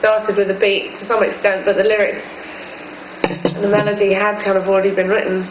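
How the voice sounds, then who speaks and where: A woman's voice: medium pitch, flat delivery, fairly quick. A woman in a band, musing hesitantly in a casual interview and often saying "kind of". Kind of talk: casual chat. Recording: muffled, noisy, echoey old recording.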